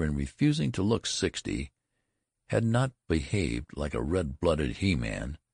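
A man narrates an audiobook in a slow, deliberate storytelling manner. His voice sits extremely low and carries a gravelly, husky texture, with a lively rise and fall. The recording is close and dry. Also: no room sound.

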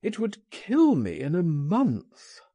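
A man voicing a frightened, despairing man awaiting trial, groaning and resigned, in a husky storybook reading. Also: high-pitched, wildly swooping pitch, slow pace, dark tone, dry recording, pitched above the performer's own voice, heavily acted.

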